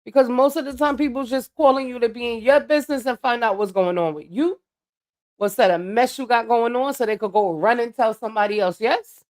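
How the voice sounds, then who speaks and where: A woman's voice: fairly high pitch, a little fast, darkish tone. A woman livestreaming a blunt, profane monologue that lectures her viewers. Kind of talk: ranting live-stream monologue.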